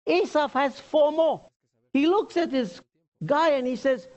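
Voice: high-pitched, measured pace, dull audio. A pastor preaching a sermon, talking straight to the congregation with questions and repeated points. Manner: animated preacher, addresses the congregation directly with questions.

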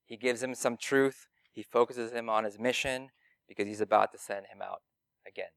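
A man's voice: fairly low pitch, fairly even intonation, normal speed, creaky, no room sound. A man preaching a conversational sermon, earnest and plain-spoken, talking directly to his listeners.

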